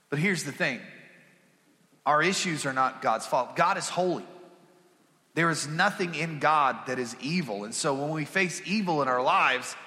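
A man's voice: fairly high pitch, bright, forceful tone. A male pastor preaching earnestly and reading scripture aloud during a sermon. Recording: long hall reverb.

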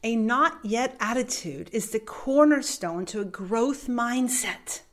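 A woman from the United States telling a personal story as a motivational speaker, animated and vivid, laughing as she goes. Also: fairly high pitch, takes it slowly. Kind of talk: storytelling talk.

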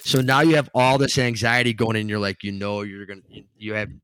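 Man, relaxed storyteller, former police dog handler, casual podcast chat, dry sound. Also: fairly low pitch, fairly quick, smooth, no echo.

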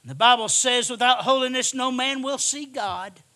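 High, bright-voiced male preacher. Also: normal speed. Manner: emphatic, repeats lines, swings from hushed to shouting. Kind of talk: sermon.

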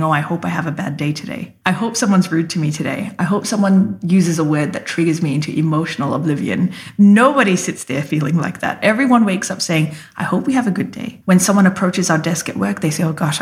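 A woman's voice: lowish voice, darkish tone. A woman leadership coach speaking as an interview guest, explaining emphatically and acting out example phrases.

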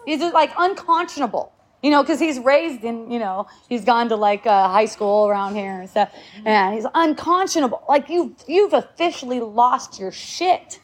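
A woman's voice: fairly high pitch, moderate pace. A woman in her fifties talking casually to a group, rambling with restarts, swearing freely and laughing often. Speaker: speaker in a group talk.

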